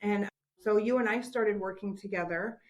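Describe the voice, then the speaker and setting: A woman's voice: medium pitch, normal speed. A woman from Washington state, a parent and podcast guest, telling her story candidly and earnestly. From Washington state, USA. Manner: candid, earnest, close to tears at times. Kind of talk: emotional personal storytelling.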